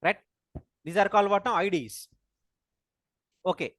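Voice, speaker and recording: A man with an Indian English accent leads a live programming class, calling out questions and drilling the same words over and over. His voice sits high for a man. The sound is close and dry. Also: measured pace, a bit bright, no echo. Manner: quizzes students, repeats key terms, corrects pronunciation. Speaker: programming instructor.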